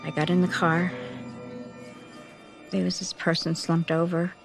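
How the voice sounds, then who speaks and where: A woman speaking slowly and haltingly in an archival interview, reflecting on past events. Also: fairly low pitch, monotone, creaky, faint music behind.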